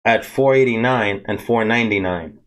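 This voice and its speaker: A man's voice: on the low side, normal speed, fairly bright tone. A man hosting a casual podcast chat who rambles and repeats words as he searches for them.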